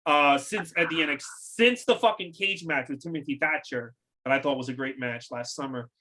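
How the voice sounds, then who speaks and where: A man's voice: fairly high pitch, a little fast, pushed and bright. A man co-hosting a casual wrestling talk, giving emphatic, profane opinions. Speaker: podcast co-host.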